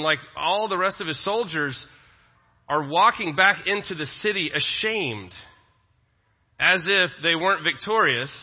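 Preacher guy, chatty sermon, bit high voiced, muffled echoey church sound. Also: husky. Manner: conversational, joking asides. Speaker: pastor. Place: church sanctuary. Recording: dull lo-fi sound with long reverb.

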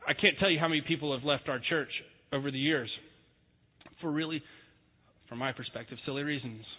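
A man's voice: a little high, fairly quick. A young male pastor preaching a conversational sermon, with a joking, easygoing manner. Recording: tinny phone-like sound with long reverb.

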